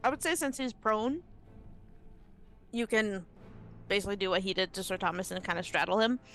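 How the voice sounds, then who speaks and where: A woman running a tabletop game as game master, relaxed and hesitant with frequent ums. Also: mid-range voice, a little fast, faint music behind. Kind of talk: narrating a tabletop game on a live stream.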